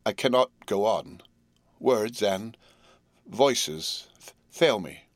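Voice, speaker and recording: A man's voice: on the low side, animated, takes it slowly, no echo, studio quality. A man reading the part of a grief-stricken husband, pleading in a broken voice. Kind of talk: audiobook character reading.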